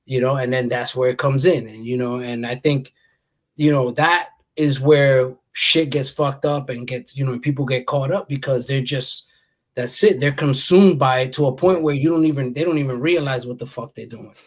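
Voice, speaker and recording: A man's voice: medium pitch, normal speed. A man hosting a casual comic-book chat show, talking animatedly, swearing freely and laughing often. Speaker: show host.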